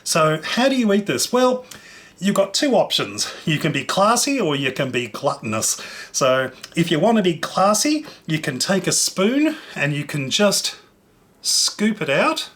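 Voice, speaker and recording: A man with a slightly high voice hosts a relaxed cooking demonstration. He talks in a friendly, chatty way, enthusiastically describing flavours and textures as he tastes. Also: a little slow. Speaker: cooking show host. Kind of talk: casual food demonstration.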